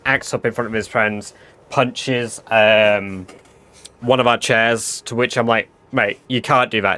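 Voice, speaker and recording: Chatty man with a bright voice. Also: lowish voice. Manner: chatty, swearing, filler-heavy. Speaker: streamer. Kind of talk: casual storytelling to a live stream.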